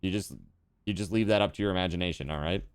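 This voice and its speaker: A man's voice: low voice, fast, smooth. A man streaming a video game, chatting casually and teasingly with his viewers as he plays. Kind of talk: casual chat while gaming on stream.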